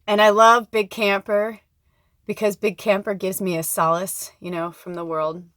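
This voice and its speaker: A woman's voice: medium pitch, level tone, moderate pace, fairly bright tone, no room sound, clean studio sound. A woman talking to her viewers in a rambling, heartfelt personal vlog, moving between laughter and near tears. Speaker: spiritual vlogger.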